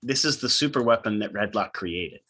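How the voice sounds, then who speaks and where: Game master, male, lowish voice, measured narration with pauses. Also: animated, fairly bright tone.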